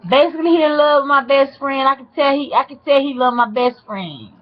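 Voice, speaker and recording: Sassy higher-voiced woman telling a story. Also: dull audio. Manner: sassy, animated, drawn-out asides. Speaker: vlogger. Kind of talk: casual storytelling.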